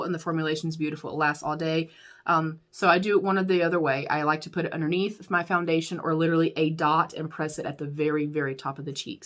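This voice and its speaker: Chatty woman reviewing makeup. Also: low-pitched. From United States. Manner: candid, chatty, addresses viewers as y'all, laughs often. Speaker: beauty YouTuber. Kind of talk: casual chatty product review.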